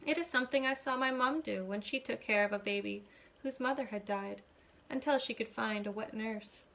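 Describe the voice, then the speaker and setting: Lady teacher reading a chapter book out loud, kinda high voice, really into the story. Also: normal speed, creaky. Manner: expressive storytelling, voicing the dialogue. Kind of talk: reading a novel aloud.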